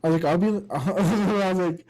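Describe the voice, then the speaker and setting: Male podcast host, raised pitch, crude and animated storyteller. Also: normal speed, poor audio. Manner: crude, animated storytelling with frequent laughs and swearing. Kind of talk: casual chat.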